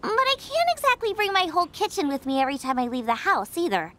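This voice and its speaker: A woman's voice: very high-pitched, noisy background. A woman playing a cheerful, food-obsessed young female chef in a video game, bubbly and eager. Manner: bubbly, enthusiastic, rapid excited outbursts.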